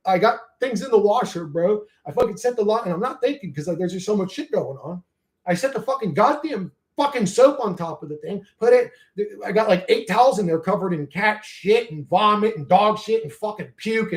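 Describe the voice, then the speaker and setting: A man hosting his own channel, telling a rambling story in casual chat, swearing heavily and getting worked up in bursts. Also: sits high. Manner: excitable, rising and falling in bursts. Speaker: channel host.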